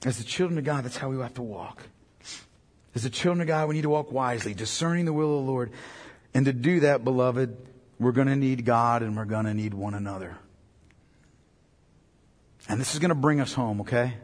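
A man preaching a sermon as pastor, swinging between loud emphasis and quiet, low passages. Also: fairly quick, long reverb tail.

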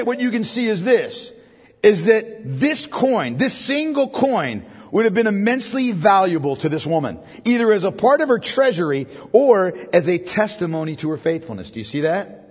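Male pastor, high husky voice, chatty sermon full of "right?" asides, long church reverb. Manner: conversational preaching with frequent tag questions.

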